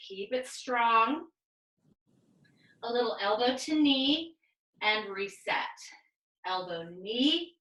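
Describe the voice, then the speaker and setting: Woman, pilates instructor, slow deliberate cues, slightly high voice, echoey video-call room. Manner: calm counting cues, drawn-out instructions. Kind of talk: guided exercise class cues.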